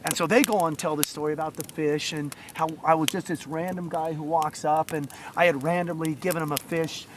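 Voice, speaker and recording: A man's voice: fairly high pitch, fairly even intonation, fairly quick, noisy background. A man telling a rambling anecdote to a listener in casual talk, with many asides. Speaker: storyteller.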